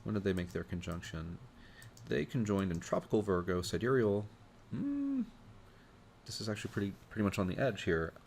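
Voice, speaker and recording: A man with a very low, gravelly voice talks through charts in a loose, thinking-aloud way, full of fillers and restarts. A faint background hum sits under his voice. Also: sing-song, moderate pace, darkish tone. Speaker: astrologer host. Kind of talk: informal talk walking through charts.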